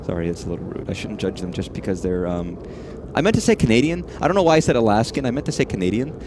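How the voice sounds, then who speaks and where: A man's voice: lowish voice, big pitch swings, fast, noisy background. A man streaming a horror game, rambling and swearing freely as he talks to the things on screen. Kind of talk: casual live-stream commentary.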